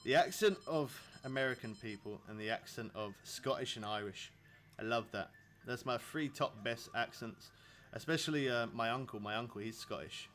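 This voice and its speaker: A man's voice: mid-range voice, normal speed, hardly any pauses, a bit bright, slight background noise. A man in his thirties from England, rambling casually to his viewers while streaming a fishing game. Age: 30s. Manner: rambling, chatty, laughs often. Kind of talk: casual live-stream chat.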